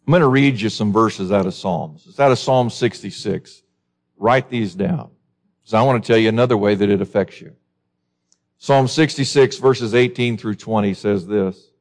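A male pastor delivering a sermon with passion and conviction. His voice climbs sharply into high, insistent peaks as he quotes scripture, then drops back to press the congregation with pointed questions. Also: lively intonation, normal speed. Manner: impassioned, rising to high emphatic peaks when quoting scripture.

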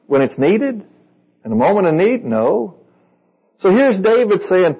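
A man's voice: a little high, breathy edge, lo-fi sound. A man preaching a sermon to a congregation in a conversational way, reading verses and asking them questions. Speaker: pastor.

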